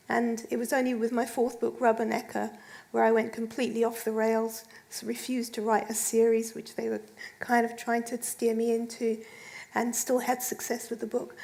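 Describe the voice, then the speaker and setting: A woman's voice: on the high side, vocal fry. A woman author on a live festival panel, telling an anecdote and acting out the dialogue. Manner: lively storyteller, acts out dialogue. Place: live event stage.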